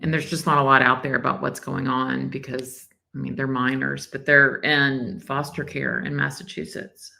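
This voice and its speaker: Chatty southern lady reacting to a clip live, gravelly voice with a bright edge. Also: rumbling low, level tone, moderate pace, hardly any pauses, low-quality recording. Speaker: livestream host. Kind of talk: casual true-crime commentary.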